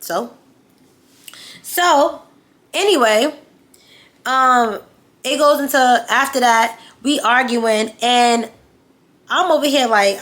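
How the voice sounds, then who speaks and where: A woman's voice: fairly high pitch, takes it slowly, long pauses, fairly bright tone. A woman vlogger telling a story-time tale in a blunt, profane, heated way.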